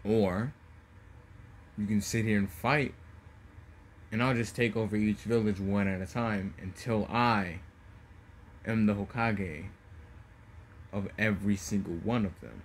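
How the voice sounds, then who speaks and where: A man voicing an arrogant, menacing young male ninja in a casually told fan story, with slow, taunting, drawn-out threats. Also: lowish voice, a little hiss or hum. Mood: mocking.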